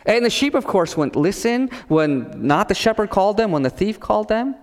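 A man pastor preaching a sermon as a storyteller, swinging from loud passages to hushed ones. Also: high voice, very animated, normal speed, big-room sound.

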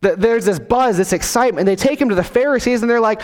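A man's voice: high voice, fast, a little mellow, long reverb tail. A man preaching a sermon in a storytelling way, acting out scenes with different voices. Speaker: pastor.

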